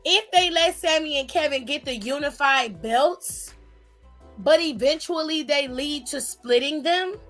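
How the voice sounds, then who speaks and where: A woman's voice: high voice, a little slow, fairly bright tone, faint music behind. A woman hosting a casual live stream, chatting and reading viewer comments in a playful, familiar way. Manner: chatty and playful, calls viewers honey and child.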